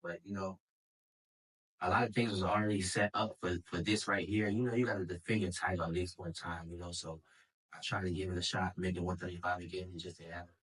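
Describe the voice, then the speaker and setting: A man's voice: sits low, fairly even intonation, quick pace, fairly bright tone, breathy edge, distant mic, poor audio. A man, a professional boxer, speaking in an interview clip, plain-spoken and resigned. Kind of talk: post-fight interview clip.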